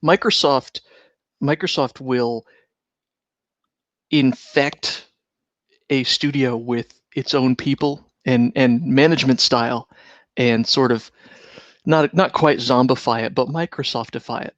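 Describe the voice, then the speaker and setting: A slightly hoarse man co-hosting a casual podcast, dry and sarcastic in his asides. His voice sits at a middle pitch, the sound is close and dry with no room around it, and the audio is a bit dull and lo-fi. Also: fairly even intonation, slow, pauses often, no room sound. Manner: wry, sarcastic. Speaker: podcast co-host. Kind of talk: casual chat.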